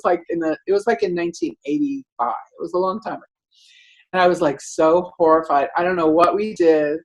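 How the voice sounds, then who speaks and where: A middle-aged woman telling a rambling story in casual chat, acting out quotes loudly with lots of "like". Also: deep voice, poor audio. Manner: animated, acts out quotes loudly; rambling, many "like" fillers.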